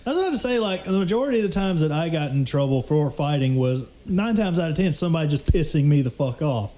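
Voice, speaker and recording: A young man telling animated, profane stories in a casual podcast chat, laughing often. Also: a little high, quick pace. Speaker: podcast co-host.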